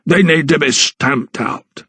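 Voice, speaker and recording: A cold, scheming gentleman lawyer from a historical audiobook, drawling out each word with contempt, as a male narrator puts him on. The voice stays dry and close. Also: medium pitch, creaky, slightly rough, no room sound, full character voice. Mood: disdainful. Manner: slow, disdainful, clipped.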